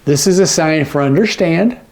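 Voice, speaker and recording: A man's voice: on the high side, darkish tone. A man teaching sign language phrases, patiently repeating each phrase and often checking in with the viewer. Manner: repeats phrases slowly, gloss by gloss. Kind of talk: instructional explanation.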